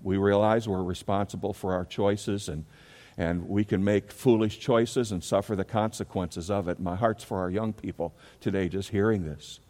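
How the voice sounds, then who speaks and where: Pastor guy preaching, fairly low voice, tells stories and acts them out, big echoey church hall. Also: normal speed. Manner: storytelling, animated when acting out a scene. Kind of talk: sermon. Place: church sanctuary.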